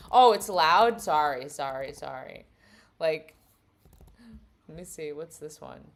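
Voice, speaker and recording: Slow-talking woman chatting on stream. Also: sits low, expressive. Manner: rambling, laughs often, talks to chat. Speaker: live-streamer. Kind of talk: casual live-stream chat. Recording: music playing behind the voice.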